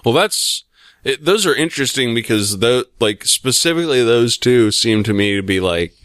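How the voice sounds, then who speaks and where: A man's voice: medium pitch, expressive, normal speed, a bit bright, no echo, clean studio sound. A man from the United States in casual chat, rambling and swearing, full of fillers and restarts. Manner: rambling, profane, lots of fillers.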